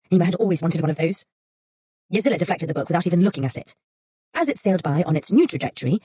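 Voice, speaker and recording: Low, husky woman narrating an audiobook. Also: dark tone, no echo.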